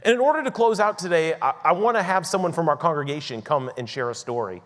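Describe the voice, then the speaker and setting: A man's voice: on the high side, animated, quick pace, fairly bright tone. A man, a pastor, closing his sermon by inviting a congregation member to share. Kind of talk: sermon closing, introducing a guest. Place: church sanctuary. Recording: long reverb of a church hall.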